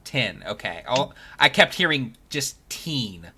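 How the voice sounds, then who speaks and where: A man narrating a tabletop game as dungeon master, describing scenes slowly with pauses and fillers. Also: medium pitch, sing-song, sharp tone, breathy edge.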